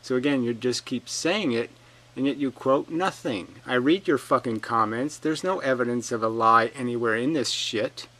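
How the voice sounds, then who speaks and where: A man in a heated rant, answering an opponent's comments one by one. His delivery is combative and sarcastic, packed with swearing and insults, at a middling pitch. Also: normal speed, bright, forceful tone, rough recording. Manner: reads out an opponent's comments and fires back. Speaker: video commentator. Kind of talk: ranting rebuttal monologue.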